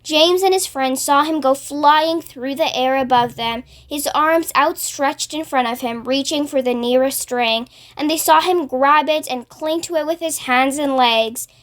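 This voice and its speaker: A woman narrates a children's book aloud in a clear, expressive storytelling manner. Her voice is high and light. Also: measured pace, few pauses.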